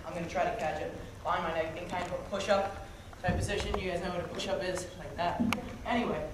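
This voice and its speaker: A man's voice: high voice, fairly even intonation, quick pace. A man doing a jokey, playful magic show for a young audience at a camp, talking to the kids and calling up volunteers. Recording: echoey hall, distant mic, loud crowd and noise.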